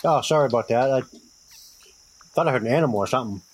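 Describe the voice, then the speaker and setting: A young man playing a tabletop game, joking and relaxed in casual banter. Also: medium pitch, fast talker, husky. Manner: joking, laid-back. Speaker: player.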